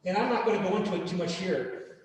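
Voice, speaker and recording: A man teaching a class over a video call, speaking in an animated way and sometimes mocking others in a high put-on voice. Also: quick pace. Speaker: professor. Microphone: computer mic on a video call. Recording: echoey, roomy, distant mic.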